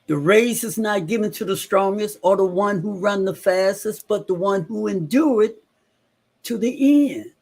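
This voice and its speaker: A man's voice: high-pitched, animated, unhurried, a little mellow. A man co-hosting a motivational talk show, preaching to listeners and repeating lines for emphasis. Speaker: podcast co-host.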